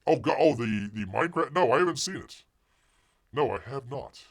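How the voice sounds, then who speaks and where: Man, stream host. Sarcastic, exclamation-heavy commentary with a very animated pitch. Mid-pitched voice. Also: normal speed. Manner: sarcastic, exclaims often, calls himself Bear in the third person. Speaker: livestream host.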